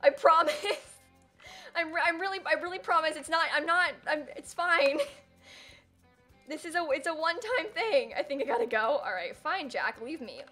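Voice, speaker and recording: A woman's voice: sits high, lively intonation, moderate pace, bright, forceful tone, faint music behind. A young woman streaming live and chatting casually, who keeps dissolving into giggles and helpless laughter.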